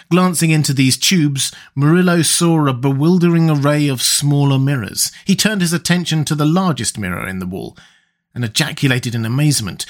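A man giving an audiobook narration of a pulp adventure story, with a steady, even delivery. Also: on the high side.

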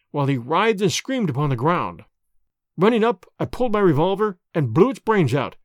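Man, audiobook narration, lively pitch, slightly high voice, dry close sound. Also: no echo. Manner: measured, expressive storytelling.

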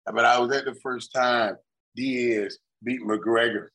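An older man co-hosting a sports talk show, telling excited stories in a rambling way and repeating his words as he goes. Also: mid-range voice, slow, poor audio. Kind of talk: casual sports chat.

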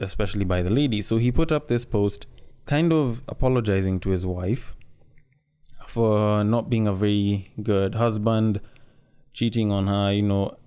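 A man's voice: fairly low pitch, mellow, clean tone. A man giving casual, frank commentary, talking conversationally and swearing freely.

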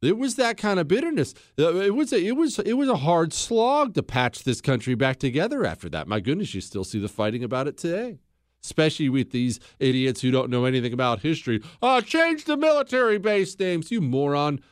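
A man's voice: mid-range voice, lively intonation, brisk, dry recording, studio quality. A man hosting a podcast, telling history in a blunt, opinionated way, mocking people and acting out quotes. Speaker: podcast host.

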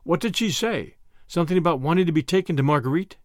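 A man voicing a grave older male lawyer who speaks in a measured, dry way with clipped questions. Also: a little high, lively intonation, dry recording, lightly acted.

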